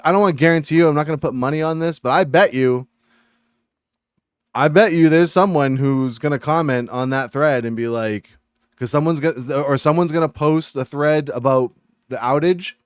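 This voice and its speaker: A man's voice: medium pitch, normal speed, clear, resonant tone, dry recording, clean studio sound. A man from Massachusetts chatting and ranting on a live game stream, reading viewer chat aloud.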